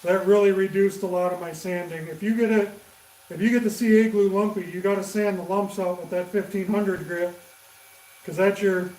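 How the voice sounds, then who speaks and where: Turning pens on his workshop lathe during a livestream, a man casually chats with viewers by name and reads their comments aloud. His high-pitched voice is a little mellow, with fairly even intonation and normal speed, recorded by a camera beside the lathe with roomy workshop echo.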